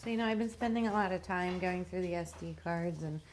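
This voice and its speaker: A woman's voice: lowish voice, brisk, slight background noise. A mother giving a casual, rambling walking tour of her messy house, sounding tired and plain-spoken. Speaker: mother vlogging a home tour. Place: house, indoors and around the yard.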